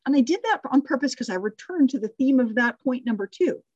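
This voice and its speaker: A woman's voice: sits high, animated, a little fast, a little mellow, dry recording, muffled recording. A middle-aged woman leading a live online class on storytelling, praising students and thinking aloud with restarts and small laughs. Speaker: course instructor.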